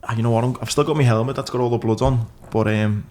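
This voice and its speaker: A man hosting a podcast, relaxed and swearing freely as he chats. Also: mid-range voice, fast, slight background noise. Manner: relaxed and sweary, calls people "mate". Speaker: podcast host. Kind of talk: casual chat.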